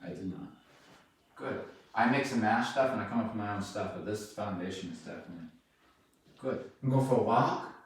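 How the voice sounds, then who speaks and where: A man working as a dog trainer, explaining casually in a relaxed, rambling way while praising the dog. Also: fairly low pitch, brisk, long pauses. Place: indoor room with dogs. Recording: echoey room, mic far off.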